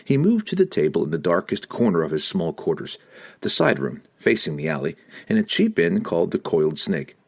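A man narrating a fantasy audiobook in a dramatic, expressive reading. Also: low-pitched, brisk, breathy edge.

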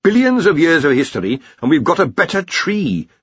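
A man's voice: fairly high pitch, huge pitch swings, a little fast, a bit bright, slightly rough, no echo, highs cut off, voice pushed up, full character voice. A man voicing a gloomy older male wizard with a mournful, sighing manner in an audiobook. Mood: glum. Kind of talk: audiobook character voice.

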